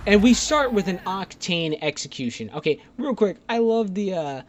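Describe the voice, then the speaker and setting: A man's voice: sits high, animated, normal speed. A young man giving casual, rambling, profane commentary over his own gameplay clips as a voice-over. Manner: rambling, profane, laid-back. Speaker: gaming YouTuber. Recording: game gunfire noise underneath. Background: game gunfire and clicks.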